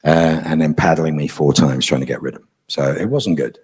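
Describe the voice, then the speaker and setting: Middle-aged guy on a con panel, swears a lot, dry humor, low husky voice. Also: a little fast. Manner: frank, profane, dryly humorous storytelling. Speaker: convention panel guest. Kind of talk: storytelling to a live audience.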